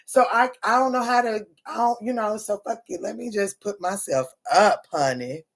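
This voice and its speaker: A woman's voice: medium pitch, moderate pace. A woman, a mother, hosts a casual tarot livestream and talks straight to her viewers. She speaks bluntly and swears freely, calling her listeners "honey" and "baby". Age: adult mother. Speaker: tarot reader.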